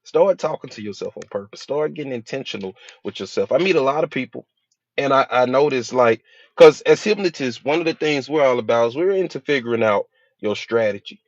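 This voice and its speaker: A man's voice: mid-range voice, expressive, fairly quick, dry recording. A man, a hypnotherapist, giving a motivational speech with emphatic repetition, rhetorical questions and casual slang. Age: adult with a school-age child. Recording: dull dry lo-fi recording.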